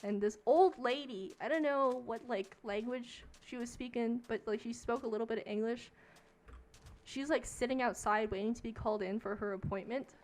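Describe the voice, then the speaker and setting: High-voiced young woman rambling a story. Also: normal speed, a little mellow. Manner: rambling, fills nearly every phrase with "like". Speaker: streamer. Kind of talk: casual storytelling rant while gaming.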